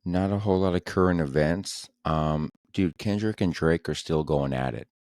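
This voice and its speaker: A man's voice: deep voice, moderate pace, darkish tone, no echo, studio quality. A young man hosting a solo comedy podcast, talking in a crude, sarcastic, rambling way. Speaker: podcast host.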